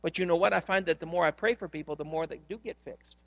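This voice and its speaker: A man's voice: a little high, fast talker, lo-fi sound. A male pastor preaching a sermon in a church, speaking earnestly and putting questions straight to the congregation.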